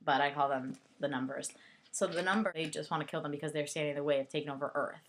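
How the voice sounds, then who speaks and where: A woman's voice: sits low, fairly even intonation, quick pace, a little hiss or hum. A young woman casually reviewing a book and its film, chatty and giggly, full of "like" and asides. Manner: giggly, chatty, heavy use of "like". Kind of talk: casual rambling video review.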